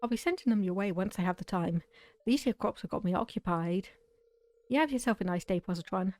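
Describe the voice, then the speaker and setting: Brief: a woman doing a hearty Scottish farmer man, folksy and cheery, quick-paced game dialogue, dry close sound. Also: medium pitch, lively intonation, darkish tone, dry recording, lightly acted. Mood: friendly.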